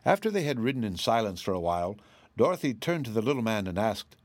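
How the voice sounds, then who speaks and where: A man narrates a storybook in a steady, expressive way, his pitch moving lively through each sentence. The recording is close and dry with no room sound. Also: fast, dry recording. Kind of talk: storybook audiobook reading.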